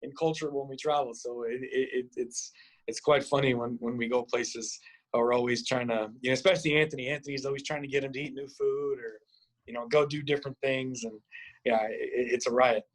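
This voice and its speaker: A middle-aged man from Nebraska, a boxing coach and podcast guest, telling stories in a casual way, acting out quotes with big jumps in pitch and swearing freely. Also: steady tone, fairly quick. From Nebraska, USA. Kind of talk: casual storytelling.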